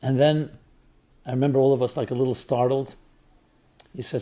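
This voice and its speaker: A man who is a rabbi, telling a story in an earnest reflective talk, repeating phrases in threes for emphasis and dropping soft on tender phrases. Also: mid-range voice, steady tone, brisk, gravelly, pauses often. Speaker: rabbi and spiritual teacher.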